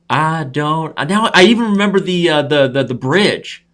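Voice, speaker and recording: A man's voice: medium pitch, normal speed, few pauses, sharp tone. A young man hosting a live chess stream, rambling, joking and breaking into song. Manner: goofy, rambling, breaks into singing. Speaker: host.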